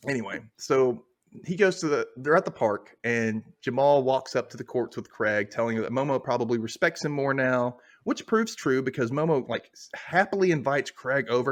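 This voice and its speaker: A man's voice: mid-range voice, moderate pace. A man hosting a casual podcast, retelling scenes and acting out the characters' lines. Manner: animated retelling, acts out lines. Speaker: podcast host. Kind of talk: casual recap chat.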